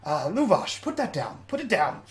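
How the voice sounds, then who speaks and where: A man voicing a smooth, genial male camp leader who speaks calmly and politely. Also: high-pitched, moderate pace, voice pushed up. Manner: genial and unbothered.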